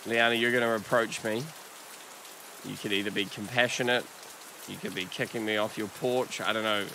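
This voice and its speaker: A male radio host setting up and discussing an improvised skit in a wry, low-key way. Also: fairly even intonation, normal speed, background noise. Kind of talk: casual radio banter.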